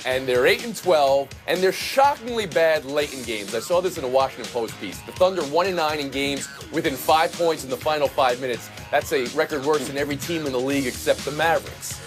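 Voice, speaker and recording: A male host runs a sports debate panel, calling on each panelist and needling them with wry jabs. His voice sits a touch high for a man, and theme music plays clearly under him. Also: expressive. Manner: wry, quick to tease panelists. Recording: studio audio with theme music behind.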